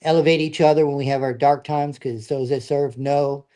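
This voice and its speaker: A man's voice: on the high side, steady tone, normal speed, dark tone. A middle-aged man, a veteran guest, telling his stories in a casual, earnest, plain-spoken way. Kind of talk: casual storytelling.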